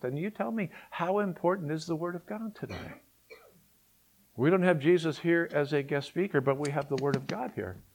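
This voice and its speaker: A man preaching a sermon, emphatic and full of rhetorical questions. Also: medium pitch. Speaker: pastor.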